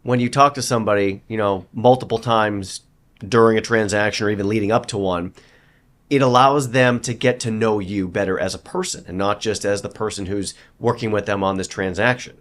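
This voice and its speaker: Low-voiced male podcast host. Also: steady tone, fairly bright tone. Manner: measured, conversational questioning. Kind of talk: interview questions.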